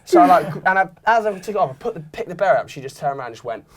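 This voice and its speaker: Rowdy high-voiced lad. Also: male voice, sing-song, very fast, heavy background noise. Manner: rowdy, self-mocking storyteller. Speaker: podcast co-host. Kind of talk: casual storytelling chat.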